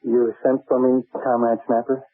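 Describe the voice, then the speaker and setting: A man's voice: medium pitch, level tone, moderate pace, close to an everyday voice. An actor with an American accent playing a nervous male undercover spy who stammers, in a 1970s radio drama. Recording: narrow, phone-like old radio broadcast.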